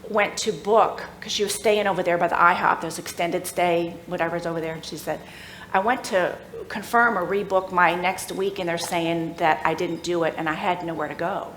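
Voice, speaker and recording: A middle-aged woman telling a personal faith story at a church workshop, animated and laughing as she acts out the voices of people in the story. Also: lowish voice, moderate pace, hardly any pauses, a little hiss or hum. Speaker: workshop speaker. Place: church room. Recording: echoey room with faint ambience.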